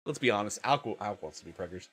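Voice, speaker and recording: A man's voice: on the low side, animated, fast talker, fairly bright tone, breathy edge. A man hosting a casual livestream, sleepy and tired, swearing often and laughing a lot. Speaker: livestream host.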